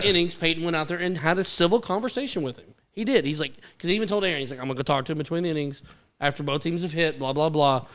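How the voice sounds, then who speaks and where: A man's voice: on the high side, fairly bright tone. A man co-hosting a casual podcast, backing up his partner and telling his own side of the story. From American South. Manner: chimes in, backs up the story. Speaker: podcast co-host. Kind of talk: casual chat.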